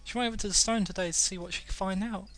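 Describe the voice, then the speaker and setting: A man doing an eager, high young villager. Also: steady tone, very fast, a bit bright, faint music behind. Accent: British.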